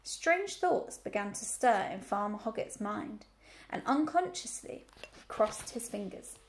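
A woman teacher reading a children's book aloud, telling the story clearly and expressively. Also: medium pitch, very animated, a little slow, slight background noise.

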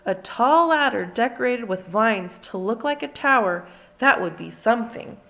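A woman's voice: fairly high pitch, lively intonation, moderate pace, gravelly, fairly bright tone. A shy little mouse ballerina from a storybook, stumbling over her words as she tries to speak up, put on by a woman reading aloud. She sounds hesitant and hopeful in a slightly raised, girlish voice. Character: timid young girl mouse ballerina.

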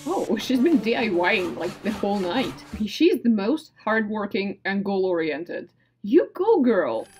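A woman's voice: medium pitch, lively intonation, unhurried, hardly any pauses, faint music behind. A woman hosting a casual movie reaction, chatty and giggly with playful asides. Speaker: reaction video host. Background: film audio.

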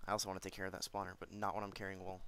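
A man narrating his own game play in chatty commentary, jumpy and quick to yelp and laugh. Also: low voice, completely flat delivery, fairly bright tone, slight background noise. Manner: chatty, jumpy, yelps and laughs when startled. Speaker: let's play gamer.

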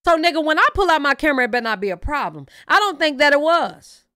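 A woman hosting a reaction channel, giving blunt, profane, animated opinions in casual commentary. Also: high voice, quick pace, no echo, clean studio sound.

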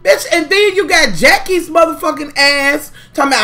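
A woman's voice: sits high, normal speed, pushed and bright. A woman vlogging a profane, sassy gossip rant with mocking, dramatic flair. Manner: profane, sassy, heavy swearing. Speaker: vlogger recapping a reality show.

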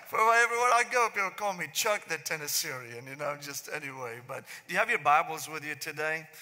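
A middle-aged man with a Syrian accent preaching a sermon, telling jokes and stories and then praying slowly and solemnly. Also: on the high side, pushed and bright. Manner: joking storyteller turning to slow solemn prayer. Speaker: pastor. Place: large church sanctuary. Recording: long church reverb.

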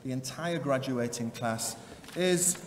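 A man's voice: mid-range voice, takes it slowly. A man hosting a graduation ceremony, announcing the next speaker. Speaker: ceremony host. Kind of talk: formal announcing. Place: large ceremony hall. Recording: echoey hall, distant mic, crowd noise.

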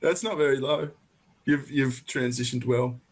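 A man's voice: mid-range voice, measured pace, slight background noise. A man hosting a casual interview, asking blunt, joking questions and often stumbling over and repeating his words. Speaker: host interviewing a guest. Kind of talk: casual, crude interview chat.

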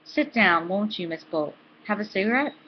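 A woman reading aloud as a middle-aged female college dean who speaks formally and briskly, on a dull, lo-fi recording. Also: medium pitch, animated, slight background noise, pitched above the performer's own voice, lightly acted. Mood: businesslike.

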